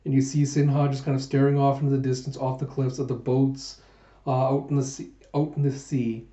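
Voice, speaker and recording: A man's voice: mid-range voice, little pitch movement, fairly quick, warm tone. Casual male manga reader, echoey room. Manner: casual, often correcting names. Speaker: manga reviewer. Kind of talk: reading a manga aloud. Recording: echoey room, dull sound.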